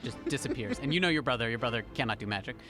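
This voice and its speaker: A man running a tabletop game as game master, narrating scenes in a calm, descriptive way. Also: mid-range voice, rapid-fire, faint music behind.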